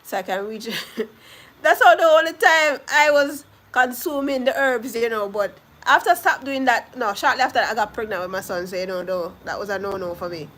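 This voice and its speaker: A woman's voice: on the high side, moderate pace, a bit bright. A young Jamaican woman with a Jamaican accent chatting casually on a live stream, laughing often as she answers viewers' comments. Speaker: vlogger reading live comments.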